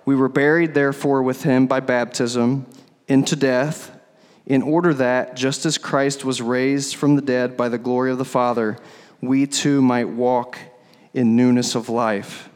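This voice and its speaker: A man's voice: mid-range voice, flat delivery, a little slow, clean tone. Male pastor preaching in a reverberant hall. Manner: conversational, emphatic, repeats words when stressing a point. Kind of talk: sermon. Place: church sanctuary.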